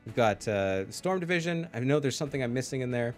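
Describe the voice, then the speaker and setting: A man's voice: medium pitch, lively intonation, fast talker, faint music behind. A man casting an esports match live, chatty, laughing often and thanking his chat. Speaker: esports caster. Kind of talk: casual live stream commentary.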